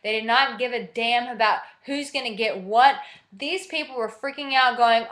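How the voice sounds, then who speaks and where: A woman's voice: fairly high pitch, normal speed, bright, forceful tone. A young adult woman hosting a personal monologue, candid and emphatic, repeating phrases for emphasis. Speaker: host.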